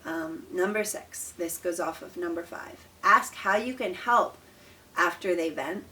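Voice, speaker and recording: A young woman, a parent of an autistic child, gives earnest, calm advice in a numbered list, speaking straight to camera. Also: on the low side, a little slow. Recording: voice a bit distant from the mic.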